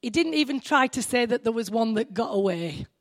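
Woman preacher, high voice, chatty sermon delivery that questions the listeners. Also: expressive, a little fast. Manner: conversational, asks the congregation questions.

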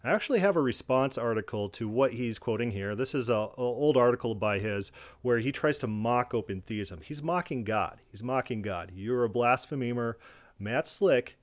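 A man's voice: medium pitch, expressive. A man giving reaction commentary in an indignant, emphatic way. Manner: indignant and emphatic, quick bursts.

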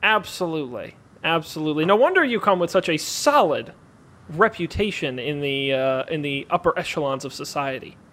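A man's voice: a little high, animated, moderate pace, fairly bright tone. A man voicing a pompous, self-important wealthy patron in a tabletop game, rambling and hesitant. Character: pompous wealthy male patron, smooth-talking.

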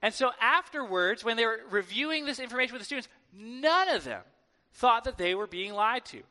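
A man preaching a sermon to his church in a lively, conversational way, acting out quoted voices. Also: very high voice, a little fast. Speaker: pastor. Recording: long hall reverb.

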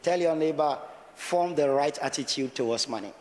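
A man's voice: on the high side, normal speed, a little mellow, long reverb tail. A man with a Ghanaian accent preaching a sermon as pastor, talking conversationally and mixing Twi with English.

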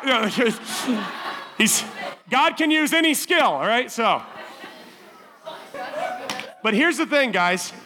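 A man speaking at a teen summer camp, telling stories in a chatty, animated way full of "like" fillers before turning them into a sermon point. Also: high-pitched. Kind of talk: storytelling youth sermon.

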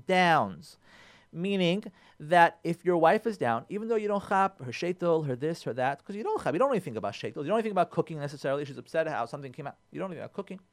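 A middle-aged man hosting a radio advice show, talking emphatically, repeating his phrases and dropping in Yiddish and Hebrew terms. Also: high voice. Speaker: radio show host giving marriage advice.

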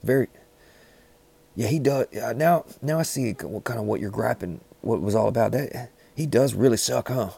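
A man in rambling, deadpan comedic banter, riffing with frequent restarts. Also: mid-range voice, moderate pace, gravelly, husky.

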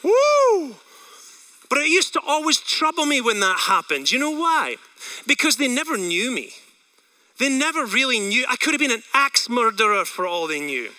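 A Scottish pastor preaching with energy and a chatty, questioning manner. His voice is high for a man and very bright. The mic picks him up from a little way off. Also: moderate pace, distant mic, low-quality recording. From Scotland. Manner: energetic, conversational, asks the room questions. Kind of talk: sermon.

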